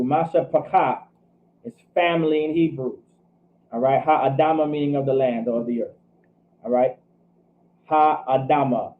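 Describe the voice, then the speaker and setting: A man's voice: fairly high pitch, measured pace. A man teaching a Hebrew scripture class who thinks aloud, double-checks himself and keeps saying "all right". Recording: tinny phone-like line.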